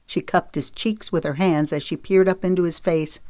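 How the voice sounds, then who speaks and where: A woman narrating a romance audiobook in a steady, measured storytelling voice on a close studio mic. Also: lowish voice, dry recording. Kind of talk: scripted narration.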